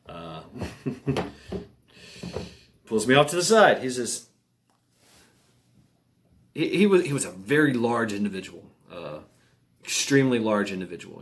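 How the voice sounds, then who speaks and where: A middle-aged man recounts his army days in a loose, conversational way. He stumbles over restarts and fillers and chuckles now and then, in an ordinary mid-range voice. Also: medium pitch. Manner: halting, many restarts and fillers, chuckles often. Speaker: military veteran storyteller. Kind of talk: casual spoken anecdote.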